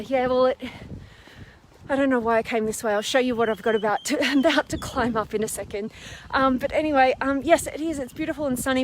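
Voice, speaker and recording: A woman hosting a live stream while walking up a steep hill outdoors, out of breath, bubbly and full of fillers as she reads out viewer comments. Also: high-pitched. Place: outdoors in a windy park on a hill. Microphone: phone camera held while walking. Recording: faint outdoor noise.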